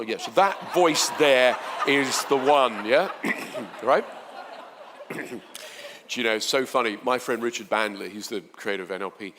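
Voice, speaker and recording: A man giving a chatty, playful seminar talk to a live audience, swinging between soft and loud. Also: medium pitch, unhurried, in a large hall, background noise. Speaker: motivational speaker.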